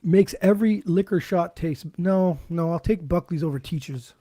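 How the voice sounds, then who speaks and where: A man hosting a podcast in casual chat, telling animated stories, swearing a lot and acting out what people said. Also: high voice, normal speed, no room sound. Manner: animated storyteller, swears a lot, acts out quotes. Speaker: podcast host.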